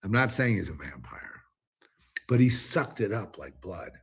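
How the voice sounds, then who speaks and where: A man's voice: low-pitched, big pitch swings, measured pace, vocal fry, fairly bright tone, breathy edge. A man hosting his own commentary show, ranting alone in an emphatic, rambling way with many restarts. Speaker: commentary host. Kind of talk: ranting solo monologue.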